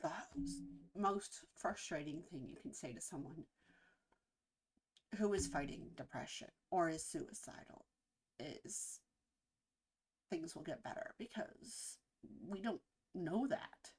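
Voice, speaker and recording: Husky-voiced woman musing earnestly. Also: deep voice, animated. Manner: earnest, reflective, halting with pauses. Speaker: reaction video host. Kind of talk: casual spoken reaction commentary.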